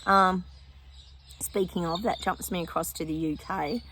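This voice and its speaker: Woman psychic, gravelly low voice, chatty outdoor vlog, faint background noise. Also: fairly even intonation, unhurried, a bit bright. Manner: chatty, breaks off to talk to her dog. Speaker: psychic vlogger. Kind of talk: casual predictions monologue. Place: outdoors with a dog nearby.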